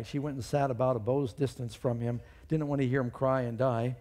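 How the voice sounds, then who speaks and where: A middle-aged man delivers a sermon in a mellow, unhurried voice of middling pitch. He tells scripture passages and a personal story in a conversational way, lifting his voice when he reads verses aloud. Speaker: preacher.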